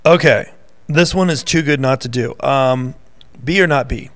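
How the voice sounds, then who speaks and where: A man's voice: medium pitch, normal speed, a bit bright, no room sound. A man co-hosting a casual faith podcast, teasing his co-host and reading news headlines aloud in a playful quiz. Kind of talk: casual chat, quiz game.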